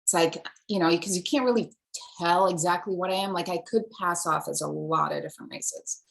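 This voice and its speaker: A woman from Singapore, an actor, telling stories in a lively, casual interview. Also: lowish voice, fairly quick, gravelly. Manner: animated storyteller, switches accents.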